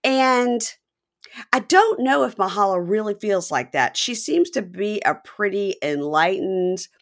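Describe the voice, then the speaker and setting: A woman from the Deep South, co-hosting a podcast and joking through a casual recap. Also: measured pace, vocal fry. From American Deep South. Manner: animated, joking, lively asides. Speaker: podcast co-host.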